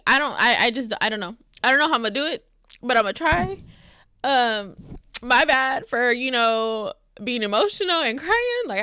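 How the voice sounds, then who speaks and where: Emotional high-voiced woman reacting. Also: pushed and bright, no echo, clean studio sound. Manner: emotional, rambling, talks straight to viewers. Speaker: reaction video host. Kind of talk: casual reaction vlog.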